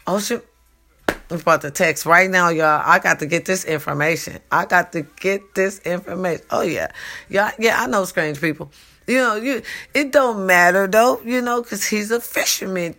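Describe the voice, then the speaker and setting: Gravelly woman hosting her own talk show, preachy and animated, cussing, calling everyone y'all and baby. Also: medium pitch. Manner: animated, preachy, swears freely, addresses listeners as y'all and baby. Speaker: podcast host. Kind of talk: casual live talk show monologue.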